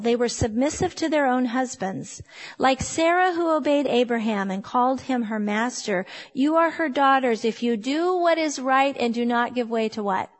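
A woman in her fifties teaching a Bible passage to a congregation, emphatic and conversational, often asking her listeners questions. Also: fairly high pitch. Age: 50s. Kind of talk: sermon teaching.

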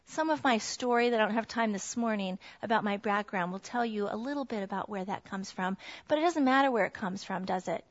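In a meeting room full of women, a middle-aged woman gives a heartfelt Christian testimony talk to a mothers' group, speaking a little fast in a mid-range voice with hardly any pauses. Her storytelling is earnest, and the lo-fi recording sounds dull.

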